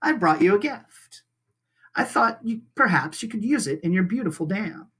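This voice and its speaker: A teacher reading aloud and voicing a calm, polite female robot who speaks in flat, formal, measured sentences. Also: medium pitch, husky, pitched above the performer's own voice.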